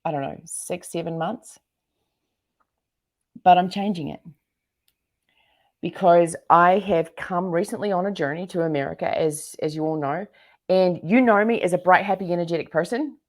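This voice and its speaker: A woman from New Zealand, a guest entrepreneur in a casual interview, talking in a bubbly, animated way with sudden high exclamations. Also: normal speed, pauses often.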